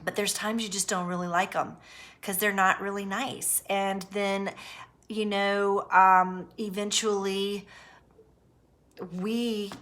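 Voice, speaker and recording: Woman vlogger, bright tone, earnest and meandering personal commentary. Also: medium pitch, level tone, takes it slowly. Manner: earnest, rambling, reflective. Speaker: narcissistic abuse recovery channel host.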